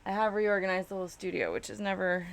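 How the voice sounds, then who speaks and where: A woman's voice: medium pitch, lively intonation, fast talker, vocal fry, slight background noise. A woman chatting casually on a live stream while crafting in her home studio, exasperated and self-mocking, swearing freely.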